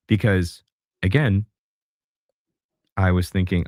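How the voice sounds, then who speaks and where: A man's voice: sits low, measured pace, pauses often, no echo, studio quality. A man co-hosting a casual reaction chat, with exasperated, sarcastic asides about a debate clip.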